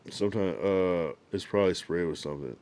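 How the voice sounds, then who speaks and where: Reading viewer comments on a casual livestream, a sleepy young man yawns now and then. His low, slightly mellow voice moves fairly quickly, and his drowsy, laid-back chat is packed with slang and loose asides.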